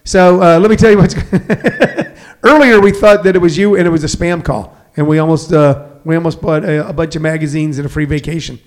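A man's voice: a little high, steady tone, brisk, a little mellow. A man hosting a call-in radio show, a former touring comedian, chatty, laughing easily, and using many fillers. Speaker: radio host, former stand-up. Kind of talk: casual radio interview.

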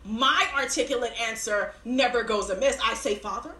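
A woman's voice: a little high, moderate pace, sharp tone, reverberant. A young adult woman performing spoken word poetry with a rhythmic, rhyming, emphatic delivery.

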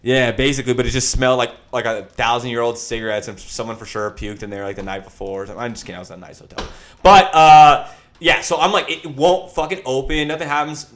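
A young man telling a story in a casual chat, swearing freely and acting out his panic with loud shouts. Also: medium pitch, fast talker. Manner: profane, animated storyteller with shouted reenactments.

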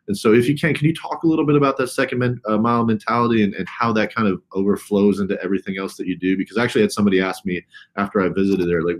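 Deep-voiced male interviewer. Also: steady tone, rapid-fire. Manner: long, winding questions with fillers. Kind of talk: casual interview questions.

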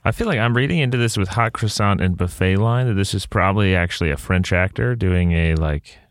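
Very deep-voiced man, dry joking. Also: brisk, no room sound. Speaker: podcast co-host. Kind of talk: casual podcast chat.

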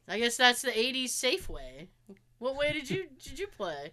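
Bright, lively woman telling family stories. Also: a little high, unhurried. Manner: animated storyteller, acts out family quotes, swears freely. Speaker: podcast co-host. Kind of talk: casual chat.

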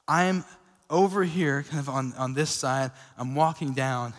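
A young man preaching a sermon as a pastor, telling a personal story in a casual, energetic way with lots of fillers. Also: on the high side, measured pace. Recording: long reverb of a church hall.

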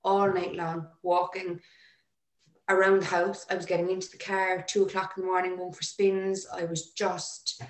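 A woman telling a personal story in an emotional, halting way with many restarts. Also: lowish voice, level tone. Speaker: interview guest. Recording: echoey room.

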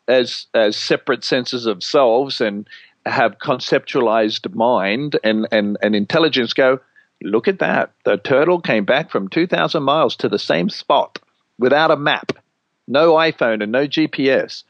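A man in casual spiritual conversation, telling stories with animated swings and freely dropping swear words. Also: mid-range voice, unhurried, dry recording, lo-fi sound. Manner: animated storyteller, swears freely, mimics voices for effect.

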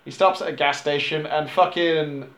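A man recapping a movie plot in a casual, rambling, profane way, sometimes dropping into quick character voices. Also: fairly high pitch, fairly even intonation, a bit bright. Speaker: podcast host recapping a film. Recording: echoey room.

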